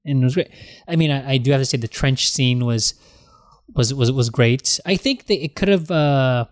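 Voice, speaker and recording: A man's voice: mid-range voice, normal speed. A man in casual film chat, rambling with many restarts and acting out lines from scenes. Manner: rambling, animated, acts out quotes.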